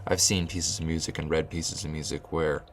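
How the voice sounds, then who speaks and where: A man's voice: extremely low pitch, steady tone, moderate pace, slight background noise. A man teaching rhythmic solfege, explaining note beams and chanting counting syllables, often restarting his phrases. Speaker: music teacher.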